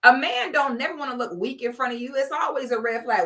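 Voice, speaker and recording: A woman's voice: high-pitched, quick pace, hardly any pauses, fairly bright tone. A young woman hosting a livestream from home, blunt and preachy, talking in slangy casual speech toward a phone or webcam. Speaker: host. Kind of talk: livestream commentary.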